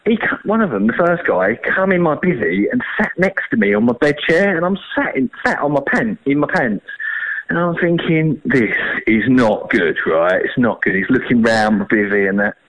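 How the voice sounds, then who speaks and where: A man's voice: a little high, big pitch swings, moderate pace, a bit bright, lo-fi sound. A man, telling a long fishing story in a chatty, rambling, slangy way. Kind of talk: casual storytelling.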